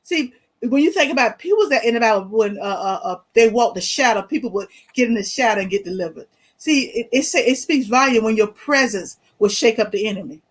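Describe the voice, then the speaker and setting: A woman's voice: fairly high pitch, animated, brisk, hardly any pauses. A woman co-hosting a casual talk show, speaking in a conversational, reflective way. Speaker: co-host. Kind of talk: casual chat.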